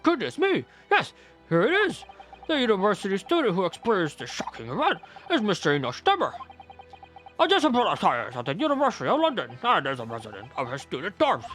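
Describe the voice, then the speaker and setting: A man voicing an excitable gentleman who exclaims in a squeaky voice. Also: a little fast, soft background music, full character voice, rough recording. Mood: excited.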